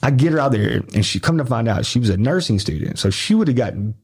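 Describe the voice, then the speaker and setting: A man, a podcast guest telling profane, animated stories and acting out the voices of the people in them. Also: mid-range voice, fast, husky. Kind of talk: casual storytelling.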